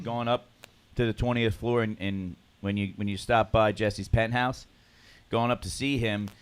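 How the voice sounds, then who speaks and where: A man leading a morning recovery group, talking earnestly and emotionally and clearing his throat often. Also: mid-range voice, fairly bright tone. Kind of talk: motivational group talk.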